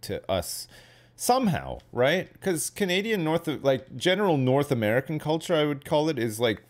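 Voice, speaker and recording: A man's voice: on the high side, big pitch swings, normal speed. A man in his thirties, hosting a game stream in casual chat, rambling with lots of hedges and tag questions. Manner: rambling, hedging, many fillers and tag questions. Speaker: streamer host. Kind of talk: casual chat while gaming.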